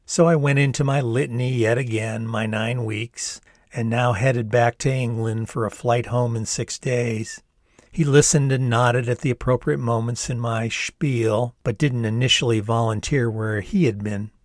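A man's voice: medium pitch, fairly even intonation, unhurried, no echo, studio quality. A man in his sixties from the United States, reading his own novel aloud in a wry, conversational storytelling manner. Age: 60s. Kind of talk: storytelling narration.

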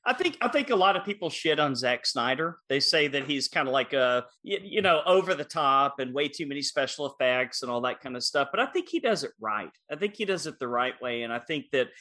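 A man's voice: medium pitch, lively intonation, a little fast, hardly any pauses, sharp tone. A man co-hosting a podcast in casual chat, agreeable and chiming in with short replies. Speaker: podcast co-host.

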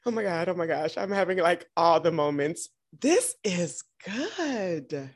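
A woman's voice: lowish voice, big pitch swings, measured pace. A woman hosting a podcast, talking earnestly and emotionally to encourage beginners in a casual interview. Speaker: podcast host.

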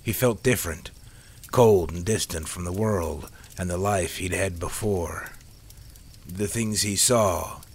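Brief: low-pitched man, measured audiobook storytelling, faint hiss. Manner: steady, measured reading. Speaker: narrator.

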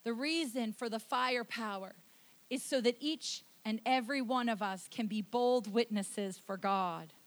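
A woman's voice: a little high, unhurried. A woman preacher delivering a fervent sermon, with emphatic, repetitive phrasing.

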